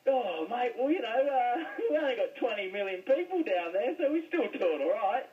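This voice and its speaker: A man's voice: very high voice, sing-song, normal speed, a little hiss or hum. An Australian man chatting as a sports guest, laid-back and calling everyone mate. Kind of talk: casual banter. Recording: tinny phone line, distant.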